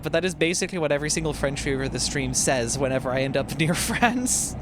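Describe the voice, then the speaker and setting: A young man streams a driving game and chats casually with his viewers, reading their messages aloud. His voice sits a little high and his manner is playful and easygoing. A steady truck engine rumble from the game runs behind him. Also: moderate pace. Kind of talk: casual live-stream chat while gaming.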